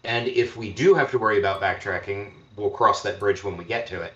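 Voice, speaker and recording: A man with a low but bright voice speaks as a player in a tabletop game, calm and deliberate. His voice carries the echo of a roomy space. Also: muffled recording. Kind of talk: casual game talk.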